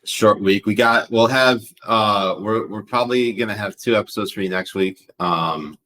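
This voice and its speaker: A man with a very deep, low voice co-hosts a laid-back podcast. He talks loosely and profanely, trailing off and restarting as he reads out viewer questions. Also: moderate pace, crowd noise. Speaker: podcast co-host. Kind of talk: casual podcast chat.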